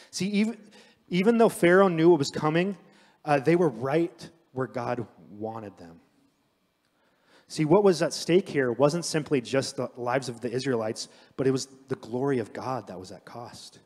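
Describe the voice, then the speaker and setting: A young adult man preaching a sermon as pastor, telling stories with acted quotes in an animated way. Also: medium pitch. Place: church sanctuary. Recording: long hall reverb.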